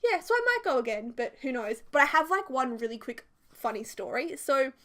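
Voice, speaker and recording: A woman's voice: high voice, big pitch swings, a bit bright. A woman in her twenties with an Australian accent, rambling through a funny personal story in casual vlog talk, laughing often and filling her sentences with "like". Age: 20s. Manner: chatty, rambling, quick to laugh, many "like"s. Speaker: Sims speed-build vlogger. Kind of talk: casual storytime over a speed build.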